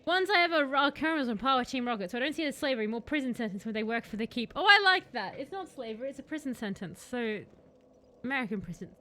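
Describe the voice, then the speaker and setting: Bright-voiced woman streamer. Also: a little high, animated, fast, slight background noise. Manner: sarcastic, rambling tangents. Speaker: game streamer. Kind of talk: casual gameplay commentary.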